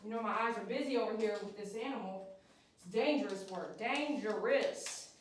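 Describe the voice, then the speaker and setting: A woman's voice: mid-range voice, quick pace. A woman dog groomer on a livestream, coaxing and soothing the dog while chatting with viewers. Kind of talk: live-streamed grooming chat. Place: grooming salon, indoors. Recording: echoey room, mic at a distance. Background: clipper hum.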